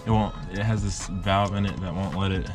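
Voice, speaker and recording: A low-voiced man narrates a hands-on engine repair in a casual, rambling way, breaking off mid-thought and talking straight to the camera. He sounds out of breath as he works. His voice comes through an action camera in a work area, with music playing clearly behind him. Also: fairly even intonation, normal speed. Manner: rambling, self-interrupting, talks to the camera. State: out of breath, sick. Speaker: car repair vlogger. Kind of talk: casual how-to narration while working.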